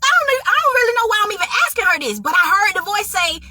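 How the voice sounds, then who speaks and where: A woman's voice: extremely high pitch, fast talker, hardly any pauses, dry recording. A woman telling a personal testimony story to listeners, acting out both sides of the conversation. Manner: animated, addresses listeners as y'all.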